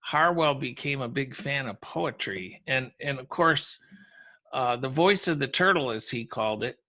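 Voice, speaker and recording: A man hosts a podcast and guides callers through their stories in a polite, steady way. His voice is bright and forward, at an ordinary pitch for a man. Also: unhurried. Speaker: podcast host. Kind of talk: hosting call-in interviews.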